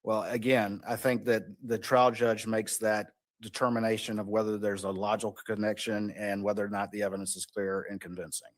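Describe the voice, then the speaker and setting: A man's voice: on the low side, level tone, fairly quick, few pauses, no echo. A man giving an oral argument as an appellate attorney, earnestly building his case point by point in a courtroom.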